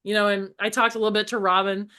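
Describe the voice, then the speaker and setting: A woman's voice: mid-range voice, fast, clean tone. A middle-aged woman in casual spiritual conversation as a podcast guest, telling stories animatedly with many "like" fillers. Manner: animated storytelling, acts out voices in quotes; frequent "like" fillers.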